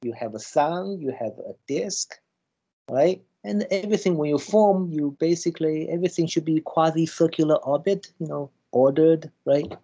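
Halting man explaining with many restarts. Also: fairly high pitch, dark tone, muffled recording. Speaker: scientist guest. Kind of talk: conversational explanation.

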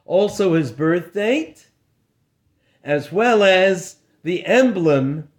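Slow, expressive male storyteller. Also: on the high side. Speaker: rabbi storyteller. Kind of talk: storytelling narration.

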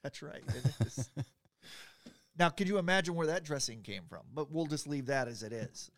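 A man's voice: a little high, normal speed, a bit bright, dry recording, studio quality. A man co-hosting a podcast, reading out trivia and teasing his partner playfully with plenty of giggles. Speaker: podcast co-host. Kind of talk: casual comedic chat, reading trivia.

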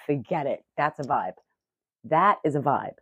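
Low-voiced woman in her thirties, swearing. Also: a little slow, husky, no room sound. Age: 30s. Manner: profane, animated and self-mocking. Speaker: vlogger. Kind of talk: casual storytelling to camera. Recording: muffled lo-fi audio.

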